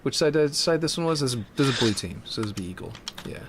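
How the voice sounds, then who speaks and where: A man's voice: medium pitch, expressive, very fast, noisy background. A man streaming while building a game map, chatting casually and thinking aloud as he trails off. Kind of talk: casual chat while working.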